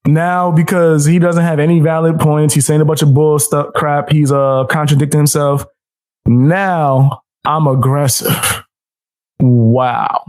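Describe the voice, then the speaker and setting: A man's voice: on the high side, steady tone, measured pace, darkish tone. A man giving casual, trash-talking commentary while he reacts to a debate clip on his stream.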